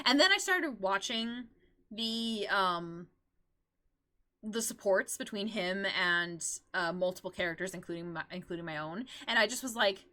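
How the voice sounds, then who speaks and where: In a casual livestream chat, a woman rambles happily about her beloved characters, giggling and squealing now and then. Her pitch is medium and her pace moderate.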